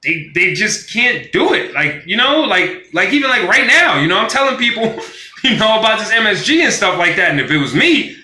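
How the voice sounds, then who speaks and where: A man with a high, sharply bright voice rants live to his viewers. He talks loosely and with plenty of profanity, and he acts out quoted voices along the way. The room rings with echo around him. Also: very animated, moderate pace. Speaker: vlogger on a live stream. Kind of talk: casual profane rant.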